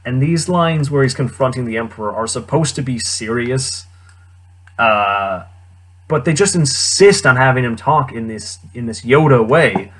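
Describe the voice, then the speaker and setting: Young man reviewing a film, husky, slightly breathy tone, loose and wry delivery with frequent chuckles. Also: mid-range voice, expressive, measured pace. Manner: rambling, wry, chuckling often. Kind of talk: casual movie commentary.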